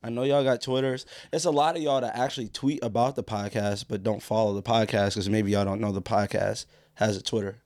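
A man co-hosting a podcast in casual chat, his voice hoarse from losing it, laid-back and joking with plenty of slang. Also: fairly low pitch, steady tone, brisk, darkish tone, dry recording, studio quality. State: hoarse, lost voice. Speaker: podcast co-host.

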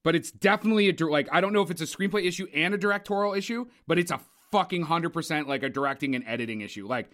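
A young man with a somewhat high voice co-hosts a film podcast. He talks in an opinionated, profane, rambling way, with plenty of asides and strong verdicts. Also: rapid-fire, few pauses, fairly bright tone. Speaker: podcast co-host, film reviewer. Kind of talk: casual movie review chat.

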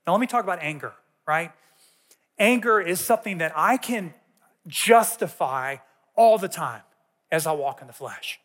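A man's voice: high-pitched, lively intonation, moderate pace, a bit bright. A man teaching a sermon in a conversational way, telling personal stories to a church audience. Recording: long reverb of a large hall.

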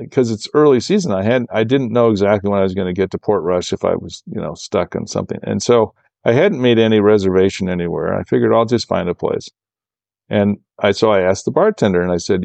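A man's voice: fairly low pitch, vocal fry, darkish tone, dry recording, highs cut off. A man, a golf course architect, telling a long, rambling anecdote in a casual interview and livening up when he quotes other people. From Michigan, USA.

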